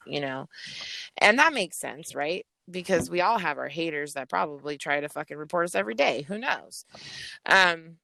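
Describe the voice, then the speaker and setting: A woman's voice: on the low side, gravelly. A woman rapper guesting on a podcast, telling a story in a blunt, casual way with lots of swearing. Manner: blunt, heavy swearing, animated retelling.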